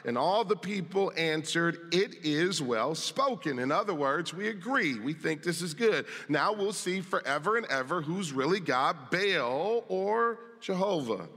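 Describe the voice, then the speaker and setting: Bright-voiced preacher in a reverberant hall. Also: male voice, on the high side. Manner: emphatic preaching, reading scripture aloud. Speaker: pastor. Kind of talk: sermon. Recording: long reverb of a large hall.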